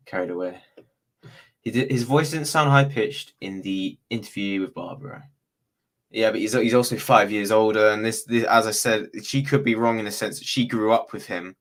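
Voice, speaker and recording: A man's voice: fairly low pitch, a bit bright. A man hosting a casual true crime livestream, chatty and rambling, often correcting himself as he goes. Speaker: true crime stream host.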